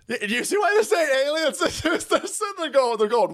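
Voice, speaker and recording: A man's voice: extremely high pitch, big pitch swings, a little slow, fairly bright tone. A man hosting a livestream, ranting and mocking in a foul-mouthed way. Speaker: livestream host. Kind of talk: profane political rant on a livestream.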